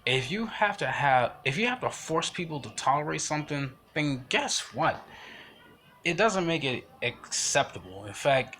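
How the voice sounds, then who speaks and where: A young man talks through his opinions in a loose, emphatic ramble, circling back and restarting his sentences. His tone is bright and forceful, and a faint hiss sits under the recording. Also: mid-range voice. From United States. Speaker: vlogger giving commentary. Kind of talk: casual spoken commentary.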